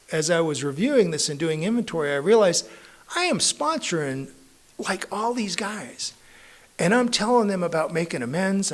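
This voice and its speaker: Middle-aged man with a slightly raised pitch, telling a wry, self-mocking recovery story at a meeting. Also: a bit bright. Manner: conversational, self-mocking, frequent tag questions. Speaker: AA meeting speaker. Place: recovery club meeting room.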